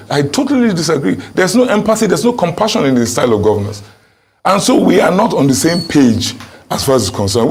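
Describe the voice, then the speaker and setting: A man's voice: a little high, breathy edge. A man with a Nigerian accent, a politician answering an interview question with emphatic, rhetorical phrasing.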